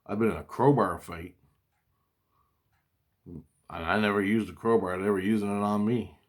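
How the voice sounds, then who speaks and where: A man's voice: fairly low pitch, fairly even intonation, moderate pace. A man telling a story in a rambling, casual monologue, agitated and profane, often restarting his sentences. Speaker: vlogger recounting a dream.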